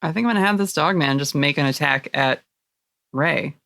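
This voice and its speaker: A woman acting as game master, narrating a tabletop role-playing game in a lively way and laughing often. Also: sits low, moderate pace, vocal fry, no echo, clean studio sound.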